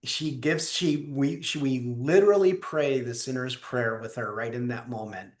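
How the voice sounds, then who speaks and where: A man telling a story in conversation, with an animated delivery that acts out each person's voice. His voice is mid-pitched and sounds roomy, recorded with a clear echo around it. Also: moderate pace. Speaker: guest leadership teacher.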